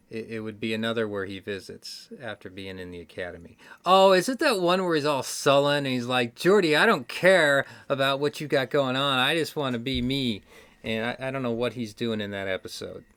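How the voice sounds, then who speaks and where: A man's voice: medium pitch, fairly bright tone, smooth. A man with a Midwestern accent hosting a casual trivia video, rambling and correcting himself with wry asides. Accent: Midwestern American. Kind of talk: casual solo chat to camera. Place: indoors, card game stack behind him.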